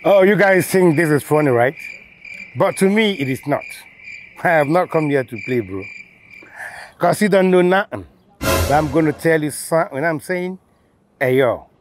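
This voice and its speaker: A man's voice: fairly high pitch, animated, moderate pace, pauses often, background noise. A man with a Nigerian accent, speaking dramatically with put-on American slang in a comedy skit. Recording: music behind.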